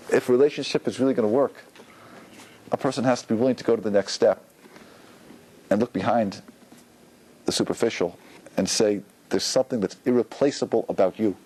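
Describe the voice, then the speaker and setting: A rabbi giving an informal, conversational Torah lecture to a class, using many fillers and acting out quoted lines. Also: male voice, medium pitch, fast, pauses often, a little mellow, husky, rough recording. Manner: conversational, loose with fillers, acts out quotes with a rising voice.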